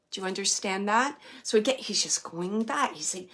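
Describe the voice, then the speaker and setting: A woman giving a psychic reading to viewers from her home. She speaks gently and reassuringly and often stops to restart her sentences. Her pitch and pace stay in an ordinary middle range. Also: moderate pace, few pauses. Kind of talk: live online psychic reading. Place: home, with a small dog nearby.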